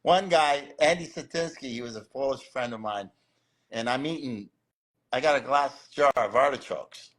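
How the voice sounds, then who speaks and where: A man's voice: mid-range voice, normal speed. A middle-aged man, a guest in a casual interview, telling stories animatedly and acting out the people he quotes. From Cleveland. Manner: animated storyteller, acts out the people he quotes, laughs often. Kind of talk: casual storytelling chat.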